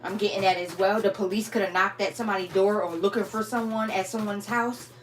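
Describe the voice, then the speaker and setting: A woman's voice: medium pitch, steady tone, a little fast, faint music behind. A woman giving a blunt, profane spiritual reading to her viewers, often breaking into laughter. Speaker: tarot reader.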